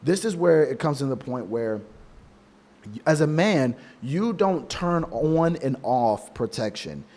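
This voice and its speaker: A man's voice: fairly high pitch, lively intonation, takes it slowly, a little mellow. Man preaching emphatic dating advice. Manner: emphatic, preachy, repeats for stress; casual slang, addresses listener as bro. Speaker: men's dating coach. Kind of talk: monologue advice to men.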